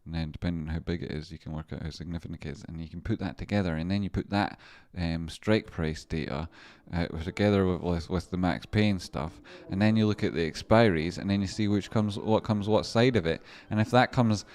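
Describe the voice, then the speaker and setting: A man with a deep voice hosts a loose livestream about trading. He rambles, breaks off mid-thought, swears casually and laughs often as he reads out donations. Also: fairly quick, few pauses, darkish tone. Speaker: livestream stock trader.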